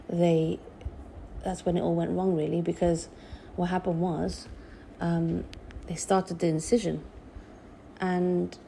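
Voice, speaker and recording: Young woman, gravelly, mellow, halting emotional storytelling, vlog. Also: lowish voice, slight background noise. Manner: halting, emotional, many restarts. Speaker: vlogger. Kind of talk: personal storytelling.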